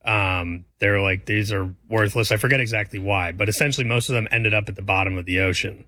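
Bright-voiced wry male co-host. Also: fairly low pitch, quick pace, no room sound. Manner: relaxed, wry, hedging. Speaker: radio show co-host. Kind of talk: casual studio banter.

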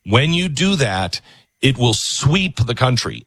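A man's voice: mid-range voice, very animated, normal speed, a bit bright, no echo. A man hosting a talk show, delivering an impassioned, preachy monologue to a studio audience. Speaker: host.

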